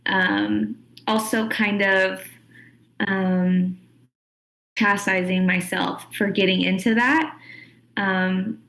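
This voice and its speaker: Female player, mid pitch, slow and deliberate, narrates her character's moves. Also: expressive, fairly bright tone, low-quality recording. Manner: describes her character's actions in first person. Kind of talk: playing her character in a tabletop role-playing game.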